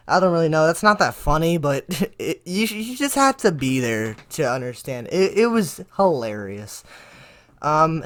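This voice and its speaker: Rambling teen guy telling school stories. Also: fairly high pitch. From United States. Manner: rambling, animated, mimics teachers and classmates. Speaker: vlogger. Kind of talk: casual storytelling to camera.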